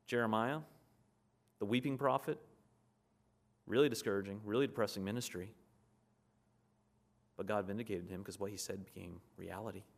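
A man's voice: fairly low pitch, steady tone, normal speed, creaky, pauses often. A man preaching a sermon in an earnest, conversational way, reading scripture aloud and explaining it.

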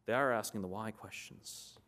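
Low-voiced man preaching a sermon. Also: moderate pace, a bit bright. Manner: earnest, conversational preaching with scripture reading.

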